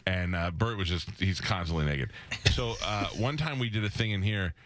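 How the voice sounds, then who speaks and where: A radio host with a lowish voice chats casually in his studio. He is relaxed and chatty, tossing in quick asides. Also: a little hiss or hum.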